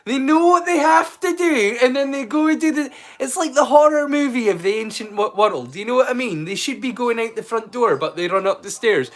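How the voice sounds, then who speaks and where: Scottish man, high voice, rambling live-stream host chatting with viewers, swears freely. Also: a little fast, few pauses, fairly bright tone. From Scotland. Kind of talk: casual live-stream chat.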